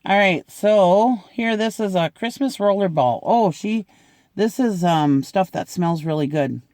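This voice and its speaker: A middle-aged man with a slightly high voice chats through an unboxing, gushing and laughing easily as he rambles. The sound is dry and close, with no room around it. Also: animated, measured pace, darkish tone, dry recording. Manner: gushing, chatty, laughs often. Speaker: unboxing vlogger. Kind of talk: casual unboxing chat.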